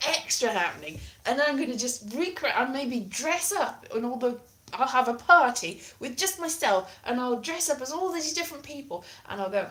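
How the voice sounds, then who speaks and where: A woman's voice: fairly high pitch, a bit bright. A woman chatting casually with viewers on a live stream, playful and theatrical, often mocking herself.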